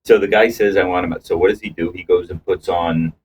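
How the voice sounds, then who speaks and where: A man's voice: deep voice, steady tone, a little fast, far from the mic, slight background noise, low-quality recording. A man co-hosting a casual podcast, telling long rambling anecdotes with restarts and acted-out quotes. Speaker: podcast co-host. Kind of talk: casual storytelling chat.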